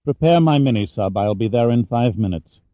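A man's voice: mid-range voice, lively intonation, no room sound, lo-fi sound, close to an everyday voice. Man voicing Delphi, a smug sneering villain. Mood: contemptuous. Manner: sneering, smug, coldly measured. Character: cold scheming male villain, middle-aged, contemptuous. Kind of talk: audiobook character reading.

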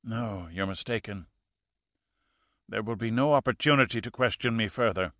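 Guy doing a dying assassin w a faint european accent, quiet, slow, icy calm. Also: on the low side, dry recording, studio quality, lightly acted. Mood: cold, fading. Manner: quiet, hushed and slow, fading breath. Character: dying male assassin, cold, fanatical, calm.

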